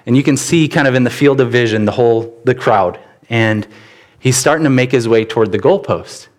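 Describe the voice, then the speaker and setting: A man preaching a church sermon, telling stories with sudden bursts of animation. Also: a little fast. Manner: animated storytelling with sudden rises in pitch. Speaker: pastor.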